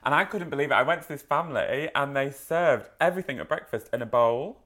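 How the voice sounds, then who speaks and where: Woman podcast co-host, animated delivery, lively pitch. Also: fast talker. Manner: lively, animated, laughs often. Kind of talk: casual chat.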